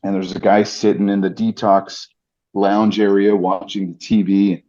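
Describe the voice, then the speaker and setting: Male podcast guest, earnest storyteller, lowish mellow voice, slightly dull lo-fi recording. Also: little pitch movement, a little slow, slight background noise. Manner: earnest, vivid retelling with fillers. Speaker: podcast guest, ring announcer. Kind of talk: personal storytelling.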